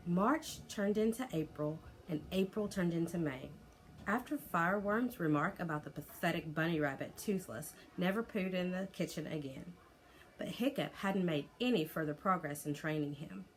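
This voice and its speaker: A woman with a lowish voice reads a children's chapter book aloud, lively and expressive. She reads like a teacher sharing a story with her class. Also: moderate pace.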